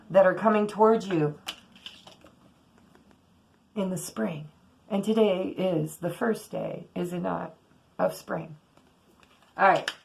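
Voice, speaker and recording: A woman's voice: mid-range voice, gravelly, poor audio. A woman doing a casual tarot reading, giving blunt and earnest spiritual advice with the odd swear word. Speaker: tarot reader.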